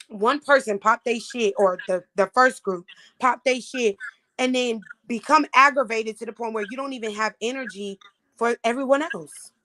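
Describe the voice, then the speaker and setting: A young woman from Florida talking in a blunt, animated way, full of slang and profanity. Her voice sits a little high for a woman. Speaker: audition contestant. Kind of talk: casual chat.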